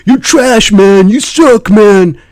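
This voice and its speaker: A man putting on the voice of a loud, taunting young male online gamer. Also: sits high, takes it slowly, voice pushed up.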